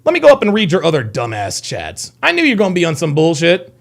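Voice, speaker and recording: A man's voice: a little high, wildly swooping pitch, fast, vocal fry. A man live streaming, commenting on an article and his chat in a heated, profane way, often repeating himself and snapping back at commenters.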